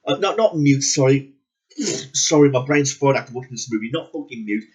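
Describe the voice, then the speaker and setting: A man's voice: mid-range voice, a little fast, a little mellow, husky, low-quality recording. A man ranting angrily about a movie as a reviewer, swearing constantly and repeating words for emphasis. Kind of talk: angry profane movie rant.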